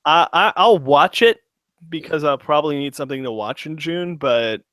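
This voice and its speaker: Bright-voiced young man, playful co-host. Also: a little high, normal speed, studio quality. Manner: playful, echoes names back loudly, repeats jokes. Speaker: podcast co-host. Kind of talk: casual live podcast chat.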